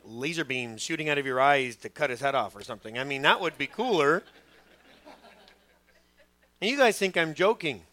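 Man, pastor, preaching sermon, middle-aged, fairly high voice, dry close sound. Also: dry recording. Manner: animated storytelling, acting out quoted voices.

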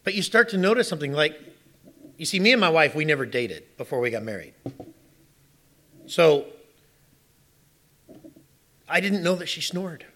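A middle-aged man preaching a sermon, telling stories in an animated way and asking the congregation rhetorical questions. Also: fairly high pitch, moderate pace, pauses often. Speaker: pastor.

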